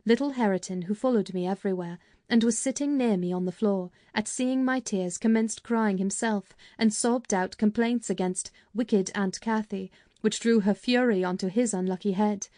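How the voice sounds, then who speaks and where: Woman audiobook narrator, warm mellow tone, dry close studio sound, measured delivery. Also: medium pitch, dry recording. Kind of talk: scripted narration.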